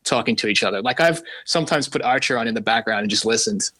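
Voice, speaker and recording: A man's voice: medium pitch, expressive, quick pace, pushed and bright, low-quality recording. A man with an Australian accent, a guest on a podcast, rambling casually with many fillers. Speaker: guest animator. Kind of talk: casual chat.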